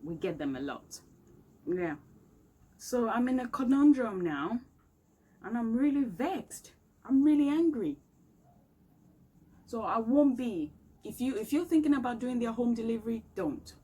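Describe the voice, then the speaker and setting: A woman's voice: a little high, expressive, moderate pace, warm tone, slightly rough, low-quality recording. A woman vlogging an emphatic, exasperated complaint from her home. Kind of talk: complaint rant to camera. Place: home room, indoors. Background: faint outdoor street noise.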